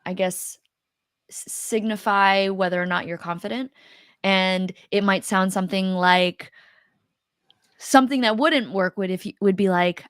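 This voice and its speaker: A woman's voice: mid-range voice, unhurried, a bit bright, clean tone, dry recording, studio quality. A woman co-hosting a casual coaching chat, talking loosely with many fillers and restarts. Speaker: co-host.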